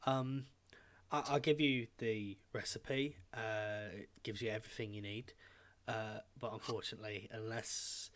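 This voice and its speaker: A man's voice: on the low side, fairly even intonation, unhurried, fairly bright tone, a little hiss or hum. A man voicing a blunt, matter-of-fact woman who runs a potion shop. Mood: apologetic. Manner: matter-of-fact, dry and frank.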